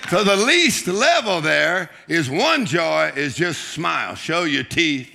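A man preaching a humorous sermon, joking and urging the congregation on with shouts and laughter. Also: fairly high pitch, animated, takes it slowly, creaky, a faint crowd.

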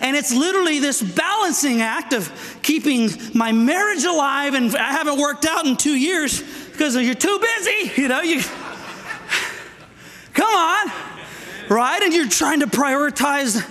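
Out-of-breath preacher in a big hall. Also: male voice, very high voice, normal speed. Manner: energetic, calls for amens, asks "right?". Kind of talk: sermon to men. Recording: echoey hall with long reverb.

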